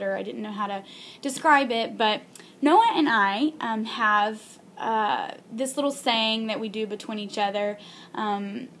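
A young woman in a casual vlog telling a heartfelt faith story, earnest and halting with many ums and restarts. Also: mid-range voice, fairly bright tone, a little hiss or hum. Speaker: video blogger.

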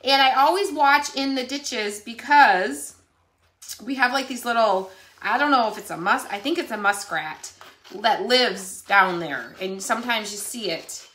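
Bright-voiced chatty woman crafting. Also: medium pitch, roomy sound, slight background noise. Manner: chatty, animated storyteller. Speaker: craft channel host. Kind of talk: casual livestream crafting chat.

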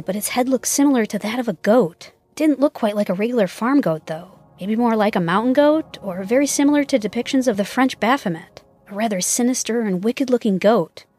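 Lady reading a creepy camping tale, steady and measured, middle pitch. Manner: measured storytelling, first-person. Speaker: horror story narrator. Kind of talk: scripted narration.

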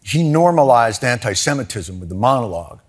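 A man's voice: mid-range voice, big pitch swings, a little fast. A man doing stand-up comedy with a dry, matter-of-fact delivery.

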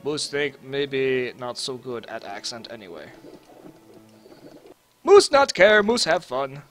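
A man's voice: mid-range voice, very animated, soft background music, pitched below the performer's own voice. A man voicing a dim brutish man who talks about himself in broken third person, with a mock Russian accent. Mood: dopey. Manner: caveman grammar, slow and blunt.

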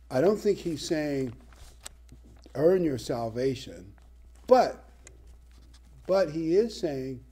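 A man preaching a sermon, reading Bible verses and driving points home with emphatic, lively delivery. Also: mid-range voice, breathy edge.

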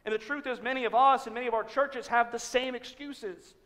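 High-voiced male pastor in a reverberant church. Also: fairly even intonation, a little fast. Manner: conversational preaching with acted-out quotes, dropping to hushed emphasis. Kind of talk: sermon. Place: church sanctuary.

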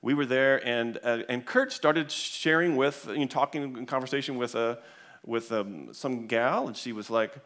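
A man's voice: mid-range voice, moderate pace, a bit bright. A man speaking at a church event, telling an anecdote to an audience with many fillers and restarts. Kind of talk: storytelling talk to an audience.

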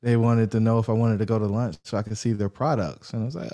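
A man telling a story as an interview guest, his voice mellow and warm. He talks in an animated way, acting out the other people in the story with jumps in pitch. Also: fast talker. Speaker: guest, real estate investor.

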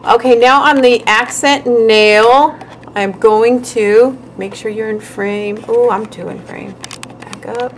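A woman's voice: on the high side, steady tone, takes it slowly, slight background noise, poor audio. A woman hosting a nail art tutorial, chatting casually and giggling as she works. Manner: chatty, giggly, talks while working.

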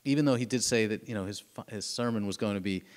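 A middle-aged man, an author, speaking at a live museum talk in an earnest, animated storytelling way, with fillers and restarts. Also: fairly low pitch, quick pace. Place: museum event room with audience.

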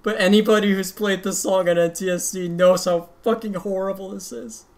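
A woman's voice: mid-range voice, steady tone, brisk, darkish tone. A woman gamer who swears constantly, tearful and laughing with joy as she talks about her result. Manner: heavy swearing, breathless and laughing through tears. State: crying with joy. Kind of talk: excited casual vlog.

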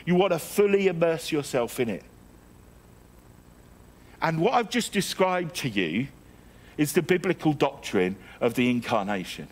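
A middle-aged man from England delivers a sermon with a slightly higher-pitched voice. He tells personal stories with a self-deprecating humour, often restarting his sentences as he goes. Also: sing-song, a little slow, pauses often. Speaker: guest preacher.

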